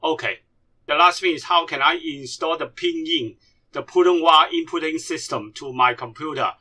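A man giving a step-by-step computer screen tutorial as a language teacher, speaking with halting, grammar. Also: fairly high pitch, bright, forceful tone. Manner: halting, non-native grammar.

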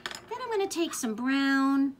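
Youth librarian, female, slightly high voice, slow and singsong, gentle storytime read-aloud with a craft demo. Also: very animated, slight background noise.

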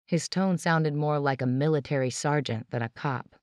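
A woman's voice: low-pitched, moderate pace, darkish tone, no room sound, clean studio sound. A woman narrating a tense, dramatic first-person audiobook.

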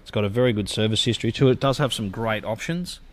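A man's voice: lowish voice, fast. A man giving a gushing car-sales walkaround as a dealer. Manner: enthusiastic, gushing sales talk.

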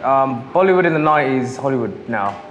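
A British man, a music producer guest, giving low-key, brief replies. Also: expressive, brisk, a bit bright, dull audio. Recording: noisy echoey studio.

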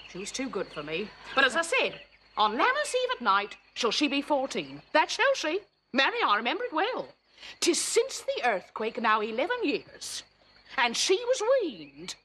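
A chattering, bawdy old nurse in a classical TV drama. Her voice sits high and bright, bouncing up and down as she rambles through her memories and laughs at her own jokes. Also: a little hiss or hum, exaggerated voice. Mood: reminiscing. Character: garrulous older nurse, bawdy, fond, rambling. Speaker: nurse in a period stage drama. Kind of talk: classical verse acting.

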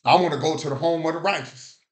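Preaching in a casual vernacular manner, a man with a slightly high voice moves at a quick pace. He often asks listeners whether they heard him, repeating "You hear what I said?"

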